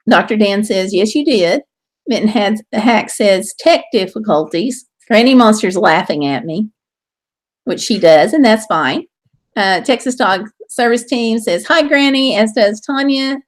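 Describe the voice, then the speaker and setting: A woman hosting a casual live stream, chatting in a bubbly way and reading viewer comments aloud. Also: medium pitch. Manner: bubbly and chatty, with exclamations and laughter.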